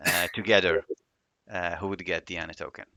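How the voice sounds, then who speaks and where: A man's voice: low voice, flat delivery, a little fast, sharp tone, dry recording. A man running a tabletop game on a stream call, talking in a laid-back, hesitant way with fillers and laughs. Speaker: game master. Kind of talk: casual tabletop game talk.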